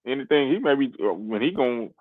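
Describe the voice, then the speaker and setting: Male caller, rapid filler-heavy casual talk, dry tinny phone audio. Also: mid-range voice, animated, dry recording. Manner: rambling, filler-heavy, says "bro". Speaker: guest caller. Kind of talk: casual chat. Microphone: phone line.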